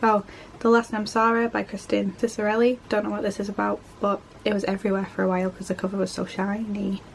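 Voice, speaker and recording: A woman chatting casually as a book vlogger, rambling quickly and poking fun at herself. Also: mid-range voice, little pitch movement, vocal fry, a little hiss or hum. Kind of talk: casual chat.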